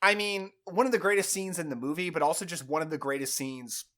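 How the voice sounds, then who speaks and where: A man giving a casual, enthusiastic film review, chatty and excited about what he describes. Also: fairly high pitch, quick pace.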